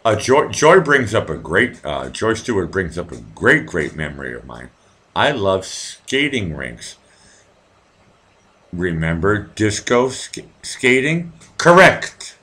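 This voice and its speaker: With a deep, very animated voice and a slow pace, a man in his 40s from near Boston, Massachusetts, curses and rants on a live stream while reading what viewers write. He rambles, alternating between mumbled lines and loud outbursts.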